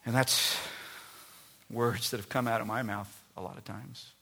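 A male pastor preaching a sermon, swinging between loud emphatic lines and soft near-whispers. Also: medium pitch, fairly even intonation, unhurried, vocal fry, slightly rough.

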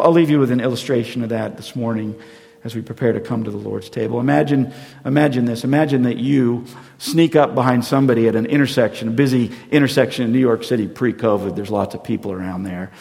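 Pastor guy preaching, gravelly voice, loud then hushed, echoey church hall. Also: mid-range voice. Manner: storytelling, rising to loud emphasis and dropping to near-whispers. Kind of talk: sermon. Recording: long hall reverb.

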